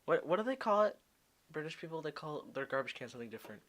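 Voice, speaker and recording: A man's voice: a little high, big pitch swings, fast, a bit bright. A young man co-hosting a casual podcast, joking, swearing freely and laughing often. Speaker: podcast co-host. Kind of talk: casual chat.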